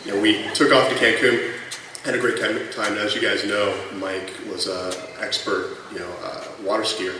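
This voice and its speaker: A man's voice: lowish voice, level tone, normal speed. Man telling stories in an echoey convention hall. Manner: chatty, lots of fillers, laughs through the punchlines. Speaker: former colleague sharing memories. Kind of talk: anecdotal storytelling at a tribute panel. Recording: echoey hall from far off, noisy room.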